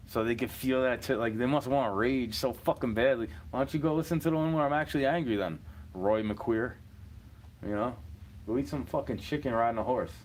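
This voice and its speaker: A man's voice: medium pitch, brisk, a little mellow, a little hiss or hum. A man in his thirties from New York City, ranting in a rambling, profane monologue and chuckling between points.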